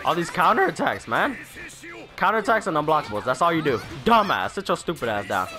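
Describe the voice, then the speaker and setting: A high, animated young man commentating his own fighting-game match, jeering at opponents and laughing at his own mistakes. His voice is bright and jumps around a lot. Game music plays faintly underneath. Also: a little fast. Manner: trash-talking, laughing, swearing at opponents. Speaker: gaming YouTuber. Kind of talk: casual gameplay commentary.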